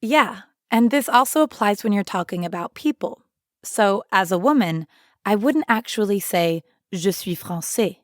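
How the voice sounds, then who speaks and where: A woman co-hosting a scripted language lesson, speaking clearly and encouragingly. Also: medium pitch, animated, normal speed, dry recording, studio quality. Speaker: French teacher.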